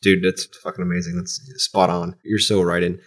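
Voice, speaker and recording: Calm, low-voiced man on a podcast. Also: moderate pace. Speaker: podcast host. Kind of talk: casual podcast chat.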